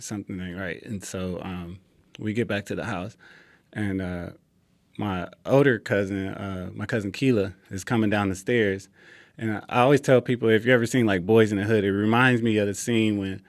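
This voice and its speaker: A young man, a guest in an interview, telling a personal story in a relaxed way and acting out quoted lines. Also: lowish voice, no room sound. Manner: relaxed, acts out quoted dialogue.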